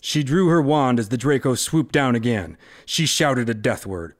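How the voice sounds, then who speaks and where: A man on a podcast reading a story aloud in a deliberate, expressive way. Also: medium pitch.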